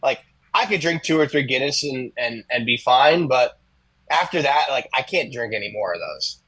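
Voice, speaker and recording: A man's voice: medium pitch, expressive, moderate pace, fairly bright tone, breathy edge, rough recording. A young adult man co-hosting a casual talk show, rambling with many fillers and restarts. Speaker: co-host.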